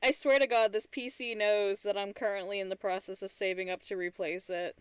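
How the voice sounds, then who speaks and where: A woman's voice: medium pitch, fairly even intonation, a little fast, clean tone, no echo. A tired woman streamer chatting casually and rambling, with frequent restarts and giggly asides. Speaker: streamer and artist. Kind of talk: casual live-stream chat.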